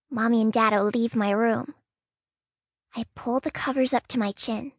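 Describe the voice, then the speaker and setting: A woman narrating a novel in the first person of a young child, soft and quiet, on a close studio mic. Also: a little high, fairly even intonation, unhurried, breathy edge, dry recording. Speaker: audiobook narrator. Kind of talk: scripted audiobook narration.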